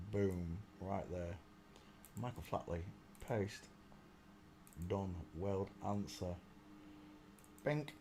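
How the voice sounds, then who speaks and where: A man's voice: lowish voice, mellow, slight background noise. A man hosting a casual live stream, chatty and exclaiming, muttering to himself as he searches.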